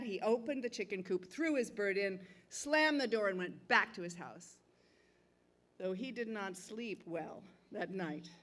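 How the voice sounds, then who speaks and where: Bright expressive woman storyteller. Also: mid-range voice. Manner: expressive, dramatic shifts between calm and loud. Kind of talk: live folktale storytelling. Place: museum theater.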